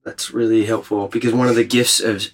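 Male retreat leader, slightly low voice, reflective teaching tone, asks the group questions. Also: level tone, brisk. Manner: thoughtful, gently questioning.

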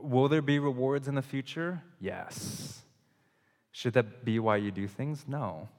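A man's voice: medium pitch, measured pace, darkish tone. A man in his thirties preaching a conversational, emphatic sermon, often restarting his phrases as he works through his point. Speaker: pastor. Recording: long hall reverb.

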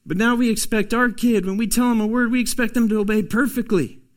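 A man preaching a sermon as a pastor, swinging from loud, emphatic pushes to soft, hushed asides. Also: very high voice, fairly even intonation, brisk.

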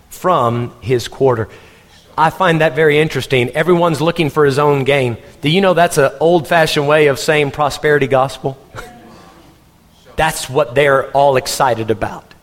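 Animated preacher, fairly high voice. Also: male voice, big-room sound. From Texas. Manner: animated storytelling, laughs while preaching. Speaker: pastor. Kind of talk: sermon.

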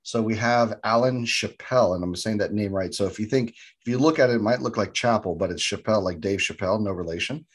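A man co-hosts a podcast in an upbeat, eager way. His voice is husky and sits fairly low. He chats casually and keeps things lively. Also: fairly quick, hardly any pauses. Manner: upbeat, enthusiastic, says fantastic a lot. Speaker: podcast co-host.

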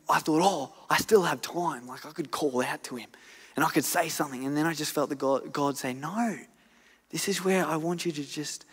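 Pastor, reverberant hall. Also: male voice, fairly high pitch, breathy edge. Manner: earnest, retelling events with swings from loud to hushed. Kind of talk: storytelling sermon. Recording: long church hall reverb.

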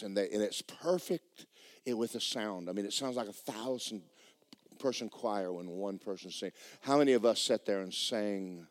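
A man preaching in a church, telling a story and acting out the people in it with sudden loud bursts. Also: no echo. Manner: animated, acts out quotes with sudden loud high bursts. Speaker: pastor. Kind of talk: sermon storytelling. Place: church sanctuary.

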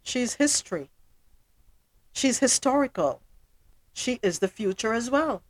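A woman leads a casual panel chat with a lifted pitch that swoops up and down expressively. She is emphatic and preachy, repeating lines for weight. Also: expressive, measured pace, long pauses. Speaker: podcast co-host.

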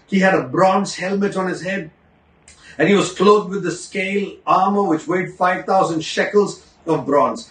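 A man with a high voice preaches a sermon, repeating phrases for emphasis and swinging from rushed bursts to slow, weighty words. He is heard from some distance in a room with a strong echo. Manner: dramatic swings between fast bursts and slow, drawn-out emphasis. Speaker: pastor.

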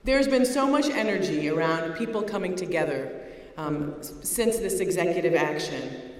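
A woman's voice: lowish voice, expressive, moderate pace, big-room sound. Earnest woman giving a rally speech. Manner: earnest, rhythmic lists. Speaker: community speaker at a rally.

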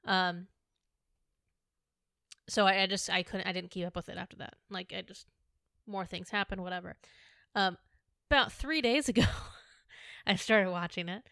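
A woman's voice: medium pitch, moderate pace, vocal fry, pauses often, fairly bright tone, dry recording, clean studio sound. A young woman co-hosting a podcast in casual chat, matter-of-fact and teasing. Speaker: podcast co-host.

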